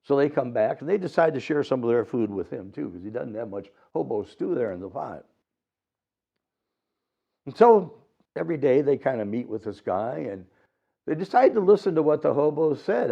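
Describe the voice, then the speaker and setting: A man giving a dharma talk at a temple, retelling a story with lively acted-out voices. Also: medium pitch, moderate pace, creaky. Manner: animated retelling, acts out voices. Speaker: Buddhist teacher. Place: temple hall. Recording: dull lo-fi recording.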